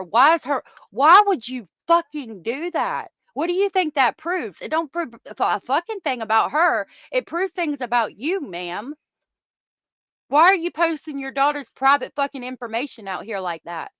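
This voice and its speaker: A woman rants angrily at her viewers, swearing freely in a heated commentary style. Her voice sits a little high. She is close on her microphone in a dry, dead room. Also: animated, normal speed, bright, forceful tone, no room sound. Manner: angry, profane, ranting at viewers. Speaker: commentary channel host. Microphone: close desk microphone.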